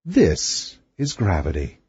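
A man's voice: low voice, wildly swooping pitch, slow, a little mellow, breathy edge, no echo, voice pushed down, full character voice. A man reading a storybook who voices a loving young prince, eager in his exclamations. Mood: tender. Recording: dull dry lo-fi recording.

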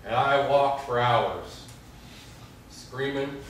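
A man's voice: fairly high pitch, moderate pace, a bit bright, slight background noise. A young adult man, a pastor, preaching an earnest sermon and telling stories with quoted prayers. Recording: echoey hall, mic far off.

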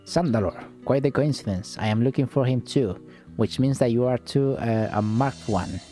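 Brief: man doing a grave, formal adventurer, mellow and dark. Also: medium pitch, normal speed, soft background music, close to an everyday voice.

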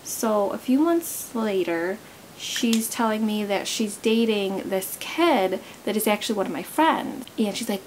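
A woman's voice: mid-range voice, lively intonation, measured pace, slight background noise, low-quality recording. A young woman chatting casually while doing a makeup tutorial, rambling into stories along the way, recorded close to the camera. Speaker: beauty vlogger.

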